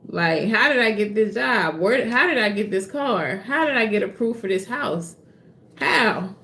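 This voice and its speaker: Woman, tarot reader, gravelly, unhurried delivery. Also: mid-range voice, lively intonation, a bit bright. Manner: casual, profane, laughs often, slips into playful voices. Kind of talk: casual tarot reading.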